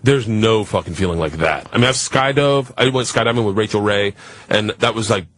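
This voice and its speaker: Husky man telling a wild story. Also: lowish voice, fairly quick, no room sound. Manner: animated, profane, acts out voices in his stories. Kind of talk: casual radio talk-show storytelling.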